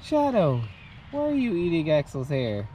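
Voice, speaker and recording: A man's voice: medium pitch, animated, normal speed, a little mellow, a little hiss or hum. Playful man cooing at a goat. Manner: playful, coos at a baby goat. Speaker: vlog host. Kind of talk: casual camping vlog chat. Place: tent at an island campsite.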